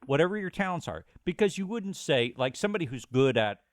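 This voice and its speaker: An American man with a somewhat high, very animated voice, recorded dry and close. He hosts a casual podcast full of playful, self-mocking banter. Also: fairly quick, no room sound. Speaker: podcast host.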